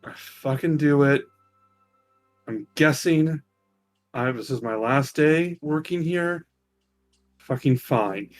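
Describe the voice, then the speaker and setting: A surly little gnome cook, as a game master puts him on, snapping short lines and brushing everyone off. He swears freely and wants no part in anything. Soft music plays faintly underneath. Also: mid-range voice, takes it slowly, long pauses, lightly acted. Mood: grumbling. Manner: curt, swearing, dismissive.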